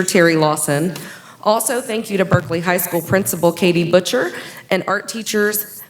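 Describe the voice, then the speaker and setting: A woman at a school board meeting formally reading thanks and a list of names. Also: mid-range voice. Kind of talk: reading acknowledgments. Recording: echoey room with faint noise.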